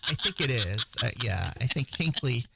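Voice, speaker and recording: A man's voice: mid-range voice, very animated, moderate pace, vocal fry, bright, forceful tone, slightly rough, low-quality recording. A man hosting a radio show, chatting casually through the news with frequent fillers and laughs.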